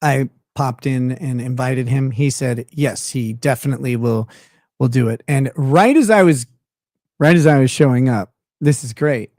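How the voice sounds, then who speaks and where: A man's voice: mid-range voice, normal speed, a little mellow, no room sound, studio quality. A man hosting a livestream in casual chat, blunt and profane, laughing often. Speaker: livestream host.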